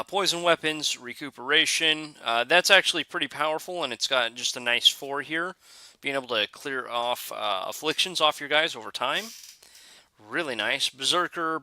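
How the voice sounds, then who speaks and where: A man giving casual, halting commentary on a strategy game update, with frequent fillers and restarts. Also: mid-range voice, sharp tone, clear, resonant tone, no echo. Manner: hesitant, many "uh" fillers and restarts. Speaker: gaming video creator.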